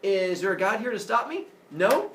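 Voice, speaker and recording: Give me a man playing a sassy, boastful young weaver woman in a storybook tale, tossing out taunts in a lively, rising and falling voice. The sound is roomy and a little far from the mic. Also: high voice, normal speed, a little hiss or hum, pitched above the performer's own voice, heavily acted. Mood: cocky. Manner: taunting, offhand. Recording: echoey room, heard from afar.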